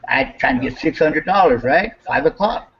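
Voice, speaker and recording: A man's voice: a little high, brisk, husky, dull audio. A man in casual talk telling a story, swearing freely and acting out heated quotes. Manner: animated, swears a lot, acts out quotes with raised voice.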